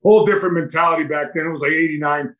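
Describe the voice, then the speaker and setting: Older retired hockey guy rambling through road stories, animated, slightly high voice. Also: rapid-fire, poor audio. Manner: animated, rambling anecdotes with quoted dialogue. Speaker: retired hockey player, guest. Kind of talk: storytelling in a podcast interview.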